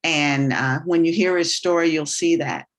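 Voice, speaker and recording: A woman speaking in an earnest, deliberate, preacherly way in a live online business presentation. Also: low-pitched.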